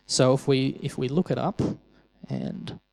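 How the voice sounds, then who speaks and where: A man's voice: mid-range voice, a little slow, gravelly, darkish tone, big-room sound, poor audio. A man preaching a sermon in a conversational way, often repeating words as he starts a phrase.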